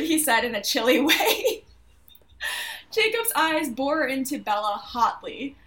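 Young woman reading her own fanfic out loud, bright voice a bit high, laughs at herself. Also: big pitch swings, unhurried. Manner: giggly, self-mocking asides. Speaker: podcast guest reading her old fan fiction. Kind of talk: casual reading aloud with laughter.

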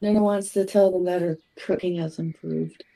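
A woman's voice: fairly low pitch, fairly even intonation, normal speed, vocal fry, dark tone, low-quality recording. A woman playing a tabletop game, describing her character's actions briefly and matter-of-factly. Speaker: player. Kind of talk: casual tabletop play.

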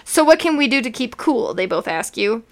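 Young female podcast co-host, a touch high-voiced, reads fanfic aloud, mocks it as she goes. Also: sing-song, moderate pace, a bit bright. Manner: reads with mocking asides, often laughing.

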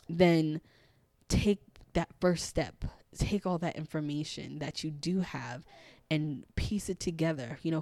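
A woman with a raspy, hoarse voice, hosting a casual solo podcast in a chatty, encouraging way. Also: sits low, dark tone, no echo. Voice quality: raspy, losing her voice. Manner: chatty, encouraging, many ums and you-knows. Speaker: podcast host and life coach.

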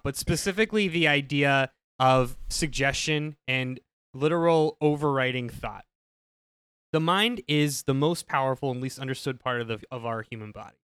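A man's voice: mid-range voice, a bit bright, smooth, no echo, clean studio sound. A man co-hosting a podcast, explaining his pick enthusiastically with frequent restarts. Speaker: podcast co-host. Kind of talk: casual chat.

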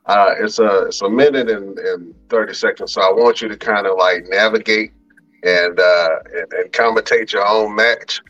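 A man's voice: fairly low pitch, fairly even intonation, moderate pace, a bit bright, distant mic, dull audio. A man hosting a podcast, talking in a loose, casual way. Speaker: podcast host.

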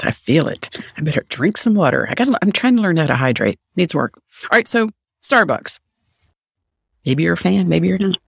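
A man's voice: high voice, very animated, normal speed, vocal fry, a bit bright, husky, no echo, soft background music. A middle-aged man hosting a podcast, ranting solo in a sarcastic, profane way. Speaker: podcast host. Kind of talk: solo opinion rant.

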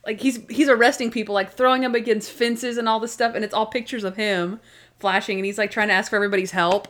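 A woman's voice: mid-range voice, fairly even intonation, quick pace, a bit bright. A woman co-hosting a casual fan chat, retelling favorite scenes and acting out quoted lines in playful voices. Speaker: co-host.

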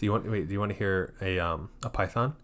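A man's voice: deep voice, fast talker, fairly bright tone. Goofy, joking man chatting casually. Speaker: podcast co-host. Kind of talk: casual chat.

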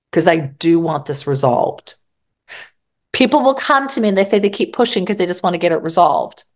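A woman therapist talking in an interview, animated and acting out quoted exchanges. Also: on the low side. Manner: animated, acts out quoted dialogue. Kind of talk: interview conversation.

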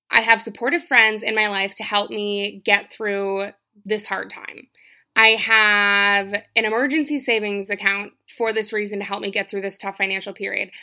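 A woman's voice: a little high, pushed and bright. A young woman talking straight to her listeners with casual, earnest advice, emphatic and full of swearing and "like". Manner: earnest, emphatic, swears freely, lots of "like" and "right?".

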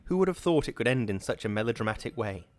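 A man narrating an audiobook in a measured, dramatic reading. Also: medium pitch, very animated. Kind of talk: scripted narration.

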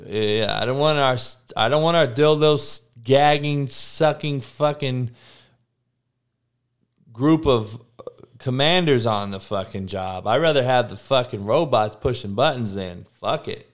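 A middle-aged man rants with blunt sarcasm and constant profanity. His pitch swings widely, but he takes his time, stumbling over repeated words before pushing on. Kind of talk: profane rant.

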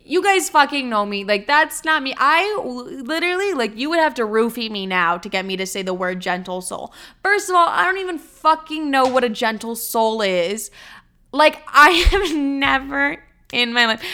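Bright, blunt young woman podcast host. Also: a little high, lively intonation, normal speed. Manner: profane, blunt, says "like" constantly. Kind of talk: casual storytelling monologue.

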